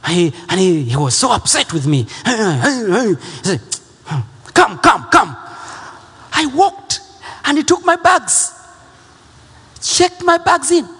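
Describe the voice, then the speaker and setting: A man preaching a sermon, emphatic and repetitive, rising at times to shouts. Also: high voice, very animated, slow pace, slightly rough, big-room sound.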